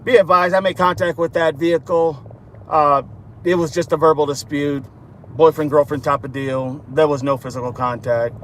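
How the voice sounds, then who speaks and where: A man's voice: a little high, fairly even intonation, moderate pace, fairly bright tone, slight background noise, pitched below the performer's own voice, natural voice. A man playing a male patrol officer questioning drivers and then radioing a routine report to headquarters. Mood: flat report. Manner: casual police radio lingo. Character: male patrol cop, routine and matter-of-fact.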